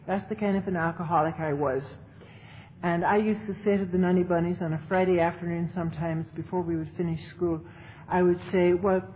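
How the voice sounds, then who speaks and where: A woman telling her recovery story to an audience as a speaker, in a chatty, humorous way. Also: lowish voice. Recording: tinny lo-fi tape with faint hiss.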